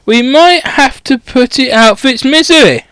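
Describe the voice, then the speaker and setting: A man's voice: extremely high pitch, animated, normal speed, fairly bright tone, clear, resonant tone, no echo, pitched above the performer's own voice. Brief: foul-mouthed pub-loving giant, played by a man, blunt and rambling, bouncy delivery. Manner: swears constantly, rambling and blunt.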